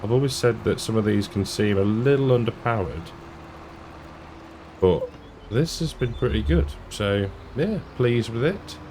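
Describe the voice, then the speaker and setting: Deep male voice, unhurried, lively intonation, chatty gameplay commentary. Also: a little hiss or hum. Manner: chatty and rambling, chuckling to himself. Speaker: gaming YouTuber.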